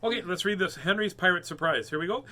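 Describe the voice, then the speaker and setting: A man's voice: high voice, quick pace, bright, forceful tone. A man hosting a storybook reading, joking playfully between pages. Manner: playful, joking, with frequent laughs. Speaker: storyteller host. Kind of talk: reading picture books aloud.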